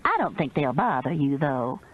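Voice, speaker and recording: A woman's voice: deep voice, sing-song, normal speed, slightly rough, phone-quality sound, pitched below the performer's own voice, exaggerated voice. A woman voicing a feisty older Southern grandmother who talks bluntly and curses, in an audiobook. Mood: instructive. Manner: blunt, cursing, loud.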